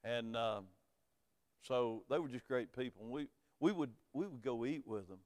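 A middle-aged pastor with a Southern American accent preaches a sermon in a folksy, storytelling style, moving between quiet asides and loud, emphatic preaching. His mid-range voice keeps a moderate pace, with hall reverb in the recording.

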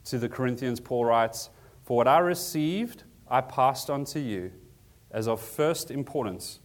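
Male pastor, mid-pitched, conversational sermon delivery, earnest with rhetorical questions. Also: lively intonation, measured pace.

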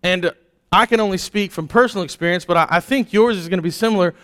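Guy pastor w a high voice, chatty sermon, keeps asking right?. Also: quick pace, a bit bright. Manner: conversational, storytelling with rhetorical "right?".

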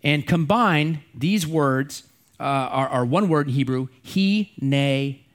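Middle-aged male pastor, somewhat high voice, conversational sermon delivery, leans on key words. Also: unhurried. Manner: conversational, repeats words and restarts, stresses key words.

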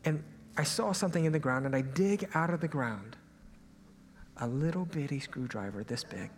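A young man preaching a sermon as a pastor, telling a personal story in a lively, animated way and sometimes dropping to a hushed aside. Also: fairly high pitch, moderate pace. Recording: hall reverb, faint ambience.

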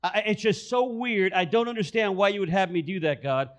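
A man with a high-sitting, fairly quick voice preaches a sermon by telling a story and repeating key phrases for emphasis. He takes a storytelling approach and acts out the voices he quotes.

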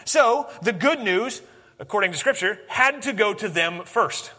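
A man preaching a sermon, swinging from animated emphasis to hushed, intense lines. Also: high-pitched, measured pace, long reverb tail. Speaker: pastor.

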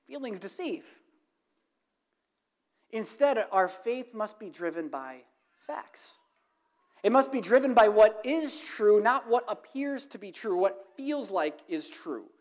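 A woman's voice: medium pitch, lively intonation, unhurried, few pauses, a little mellow. Emphatic woman preaching a sermon. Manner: emphatic, rising to impassioned repetition.

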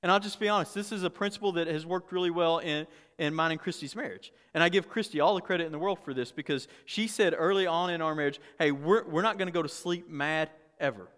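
A pastor preaching a candid, conversational sermon with humor and frequent restarts. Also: male voice, a little high, fast, few pauses, fairly bright tone, clean tone, big-room sound.

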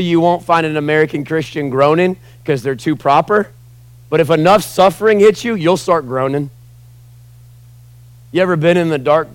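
A man in his forties preaching a sermon as pastor, animated, acting out groans and questioning the congregation. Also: a little high, clean tone, dry recording. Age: 40s.

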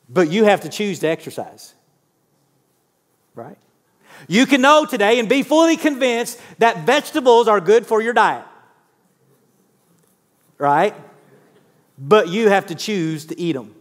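A pastor in his fifties preaches to his congregation in a warm, conversational way, often stopping to ask them questions. His voice sits fairly high for a man. The sound has the long reverb of a church hall. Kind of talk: sermon. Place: church sanctuary.

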